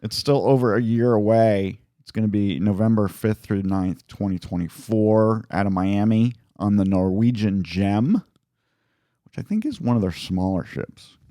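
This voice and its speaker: A man's voice: on the low side, moderate pace, mellow, dry recording. A man co-hosting a casual comedy podcast in a studio, chatty and laughing as he reads news items. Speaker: podcast co-host.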